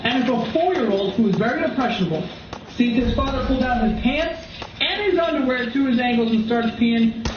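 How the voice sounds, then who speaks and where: A young man and comedian vlogger telling crude, animated stories full of swearing. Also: sits high. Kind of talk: comedic storytelling. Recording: very echoey dull recording with noise.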